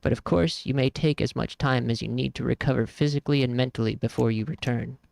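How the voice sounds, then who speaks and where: A man's voice: medium pitch, fast, creaky, a little mellow, no echo, clean studio sound, lightly acted. A man voicing a proud, benevolent male village elder who speaks solemnly.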